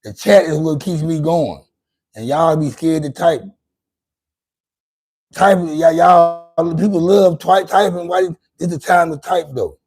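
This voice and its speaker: A man's voice: a little high, slow, a little mellow, slightly rough. Rambling, profane man on a livestream. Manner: loose, profane, rambling talk with many restarts. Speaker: livestream host. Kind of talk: casual livestream monologue.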